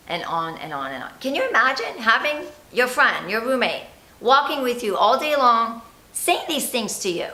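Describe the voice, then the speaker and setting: A woman's voice: fairly high pitch, very animated, normal speed, pushed and bright, reverberant, rough recording. A woman coaching on confidence, talking chattily and animatedly straight to the viewer. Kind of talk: motivational vlog talk.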